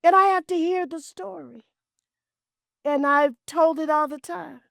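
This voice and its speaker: A woman hosting a talk show, telling heartfelt stories in an emphatic, preachy way with repeated phrases, dropping at times to hushed, near-whispered asides. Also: extremely high pitch, measured pace, vocal fry, dry recording, clean studio sound. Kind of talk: heartfelt storytelling monologue.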